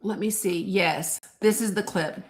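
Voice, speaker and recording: A woman's voice: mid-range voice, measured pace. A woman hosting a live stream, chatting casually and rambling, talking straight to her viewers and getting openly frustrated. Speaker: livestream host.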